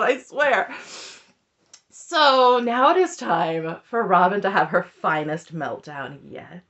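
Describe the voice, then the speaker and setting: A woman's voice: sits high, lively intonation, a little slow, a bit bright. A woman in her thirties giving a sarcastic, exasperated recap commentary that is often broken up by laughter. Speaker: reality TV recap YouTuber.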